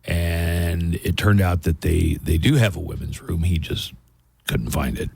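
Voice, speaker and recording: A man's voice: deep voice, a little slow, gravelly, darkish tone. A man hosting a radio show, easygoing and relaying news stories in chat. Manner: easygoing, storytelling news reader.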